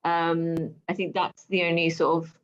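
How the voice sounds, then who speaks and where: A woman's voice: fairly low pitch, flat delivery, measured pace, lo-fi sound. A woman hosting a webinar video call, moderating casually with many fillers.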